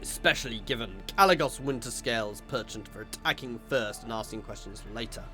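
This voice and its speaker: A man's voice: mid-range voice, fairly quick, pushed and bright, faint music behind, close to an everyday voice. A man voicing a stuffy, pompous male ship administrator as he reads video game dialogue aloud in a formal, fussy manner. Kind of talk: video game voice-over reading.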